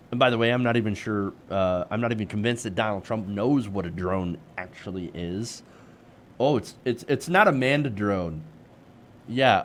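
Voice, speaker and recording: A man hosting an online political commentary show, talking in an opinionated, sarcastic way with mocking asides. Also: medium pitch.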